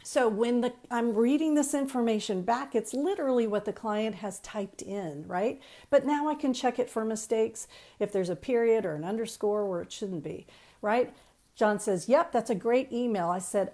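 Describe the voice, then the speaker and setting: A woman's voice: fairly high pitch, moderate pace. A woman coaching counselors on a live stream, chatty and emphatic, repeating key points and greeting viewers as she goes. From Texas. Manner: energetic, chatty, greets viewers mid-talk. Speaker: counseling trainer.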